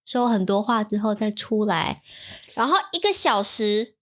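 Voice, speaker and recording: Wanita santai yang menenangkan. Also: female voice, medium pitch, moderate pace. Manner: relaxed, reassuring, laughs often. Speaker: podcast co-host. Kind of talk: casual bilingual chat.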